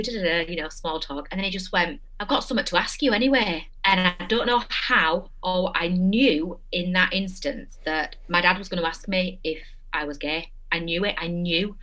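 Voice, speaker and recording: Woman guest, slightly low voice, animated storyteller in a casual interview. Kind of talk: casual chat.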